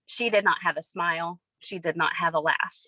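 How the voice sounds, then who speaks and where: A woman's voice: on the low side, fairly even intonation, normal speed, pushed and bright, breathy edge, no echo, poor audio. A woman giving an earnest, emotional personal testimony over a video call. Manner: earnest, tearful, storytelling. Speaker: testimony speaker.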